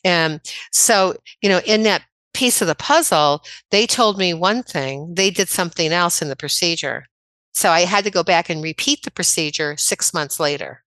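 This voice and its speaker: A woman in her sixties from the American Midwest, a chiropractor telling personal stories in a casual interview, chatty and quick to laugh. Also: lowish voice, fairly bright tone, no echo. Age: 60s. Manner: chatty, anecdotal, laughs often. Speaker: podcast guest, chiropractor.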